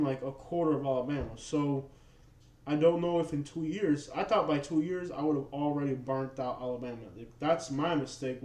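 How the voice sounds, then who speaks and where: A man with a slight New York-tinged accent hosting a casual livestream chat, rambling in a relaxed way with lots of fillers and restarts. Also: on the high side. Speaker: livestream host. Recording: roomy echo.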